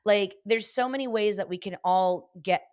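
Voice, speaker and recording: Her voice is medium in pitch and darkish, moving at a normal speed. She's a comedian from Los Angeles with a Valley girl accent, guesting on a casual podcast, where she talks openly and with energy, laughing a lot and frequently starting sentences over.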